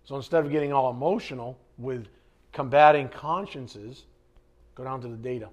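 A man's voice: mid-range voice, moderate pace. A man teaching the Bible in a conversational way, blunt and fond of rhetorical questions.

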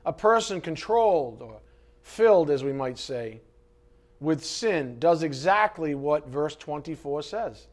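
Male preacher with a fairly high voice, delivering a dramatic sermon that swings between loud emphasis and hushed asides. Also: expressive, unhurried. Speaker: pastor.

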